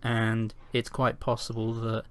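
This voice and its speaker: A man's voice: medium pitch, completely flat delivery, unhurried, fairly bright tone, a little hiss or hum. A man hosting a casual podcast chat, opinionated and emphatic as he talks. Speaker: podcast host.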